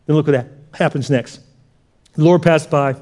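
A male pastor preaching a sermon in an animated way, swinging from loud punches to hushed near-whispers. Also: fairly high pitch, moderate pace.

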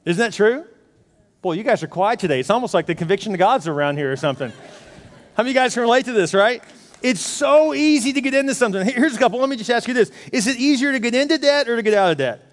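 A middle-aged man preaching a sermon in a lively, animated way, acting out his own inner voice. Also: extremely high pitch, fast talker. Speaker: pastor. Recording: long hall reverb.

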